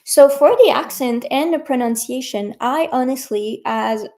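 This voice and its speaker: French-accented woman, French coach on a livestream, unhurried and chatty. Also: high voice, darkish tone. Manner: chatty, encouraging, addresses viewers directly. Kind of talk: casual livestream teaching.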